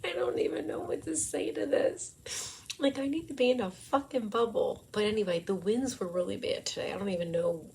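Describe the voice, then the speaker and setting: A woman's voice: a little high, a little fast, gravelly, a little mellow, a little hiss or hum. A woman telling a rambling story in a casual vlog, swearing often, breaking into giggles and sometimes dropping to a whisper. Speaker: vlogger.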